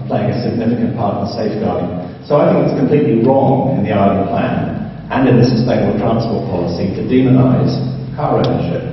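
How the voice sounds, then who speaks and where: A lower-voiced man from Jersey delivers a measured public speech, pausing on fillers and restarting phrases. He is heard from a distance in a large, echoey hall with a long reverb tail. The recording is dull and lo-fi, with faint background noise. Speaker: parish constable speaking at a public meeting.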